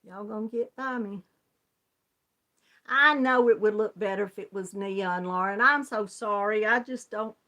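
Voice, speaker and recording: A woman's voice: medium pitch, unhurried, bright, forceful tone. A woman with a Southern US accent hosting a casual live crochet chat, greeting viewers by name and laughing often. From Georgia, US. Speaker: crochet channel host.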